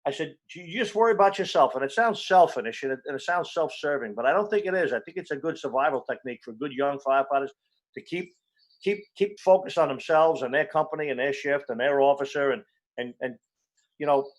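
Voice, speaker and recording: A man's voice: medium pitch, a little fast. A man, a fire chief and panel guest on a video call, giving blunt, earnest advice with frequent restarts. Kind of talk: casual online panel chat.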